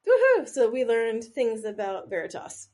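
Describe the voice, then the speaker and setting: A woman's voice: medium pitch, normal speed. A woman co-hosting a podcast, running a quiz in a rambling, self-deprecating way with jokey asides, sometimes leaning back from the microphone. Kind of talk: casual podcast chat.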